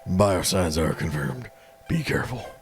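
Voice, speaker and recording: Guy doing a deep gravelly robot ship computer, blunt and clipped, game music under it. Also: a little slow, a little hiss or hum, full character voice. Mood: commanding. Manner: flat, clipped robotic delivery. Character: blunt male ship's computer commander. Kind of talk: reading game dialogue aloud.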